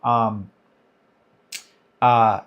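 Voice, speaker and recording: A man's voice: lowish voice, flat delivery, extremely slow, clean tone, dull audio. Chatty man hosting a livestream. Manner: loose and chatty, reading chat names with greetings. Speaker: livestream host. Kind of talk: casual livestream Q&A.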